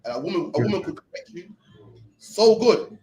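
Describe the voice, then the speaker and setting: A man's voice: high-pitched, sing-song, fairly quick, a little mellow, low-quality recording. A young man leading a scripture class in a loose, blunt, slang-heavy teaching style. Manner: streetwise, blunt, peppered with slang.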